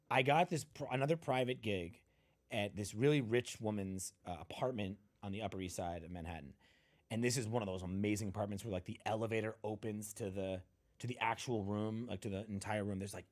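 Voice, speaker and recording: A male comedian guest, telling stand-up stories in a punchy, animated way and acting out the people in them. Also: brisk. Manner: punchy storyteller, acts out quotes with big jumps in pitch. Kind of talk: animated storytelling chat.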